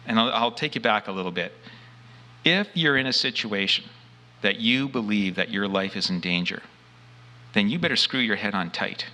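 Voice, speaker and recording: A man with a low-set voice and a bright, cutting edge to it tells his own story earnestly and with force. He leans into the key words and slips into the lines he spoke back then. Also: normal speed. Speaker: abduction experiencer. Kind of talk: first-person testimony.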